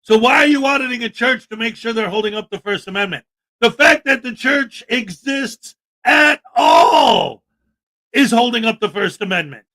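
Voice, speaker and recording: High bright-voiced guy ranting on his stream, worked up and emphatic. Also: lively intonation, moderate pace. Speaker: livestream host. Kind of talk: livestream commentary.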